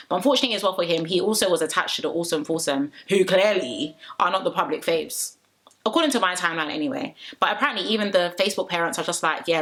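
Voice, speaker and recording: A young woman with a lower, slightly bright voice recaps reality TV in a casual commentary vlog. She's chatty and opinionated as a reviewer, laughing often and speaking directly to her viewers.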